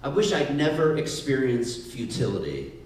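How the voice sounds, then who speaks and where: A male pastor preaching a sermon in a playful, lively way, often acting out voices. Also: mid-range voice, normal speed. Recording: echoey hall, distant mic.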